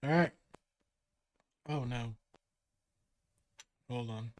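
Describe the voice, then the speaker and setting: A man's voice: medium pitch, very slow. A man co-hosting a casual podcast, rambling and joking with lots of "you know". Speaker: podcast co-host. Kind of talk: casual chat.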